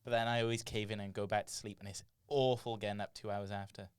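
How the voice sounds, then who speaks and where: A man's voice: lowish voice, level tone, fast, smooth. A man co-hosting a podcast, chatting in an easygoing, laid-back way. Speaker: podcast co-host. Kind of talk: casual chat.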